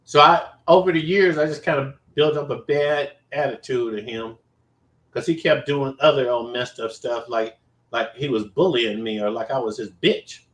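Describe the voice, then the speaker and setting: A man casually telling a personal story to his viewers, animated and profane, with emphatic repetition. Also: medium pitch, normal speed. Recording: roomy echo.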